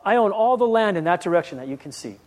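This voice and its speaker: A man's voice: high voice, expressive, quick pace. A man preaching, putting on the voice of a boastful wealthy rancher showing off his land. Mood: bragging. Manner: bragging.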